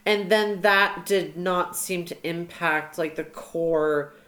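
A woman from Canada chatting casually about a movie, wry and deadpan. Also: lowish voice, slow pace. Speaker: podcast co-host. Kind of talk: casual film review chat.

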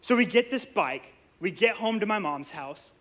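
A man, preaching a sermon in a church with animated storytelling and playful asides to the congregation. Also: high voice, moderate pace. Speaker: pastor. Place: church sanctuary.

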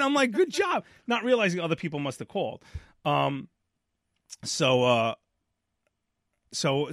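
A slightly high male voice, captured as clean studio sound without any room sound. The speaker, a New York podcast host in his 40s, tells a casual story with animation, voicing its characters and repeating himself along the way.

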